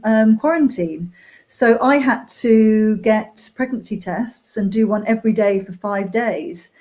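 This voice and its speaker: A young woman talking candidly and emotionally about a hard personal time, halting with many fillers. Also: mid-range voice, dark tone. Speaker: nanny sharing her story.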